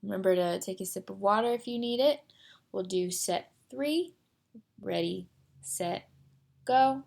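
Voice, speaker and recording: A young woman leading a guided voice exercise lesson as a speech therapy instructor, giving clear, deliberate and encouraging instructions. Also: mid-range voice, expressive, a little mellow.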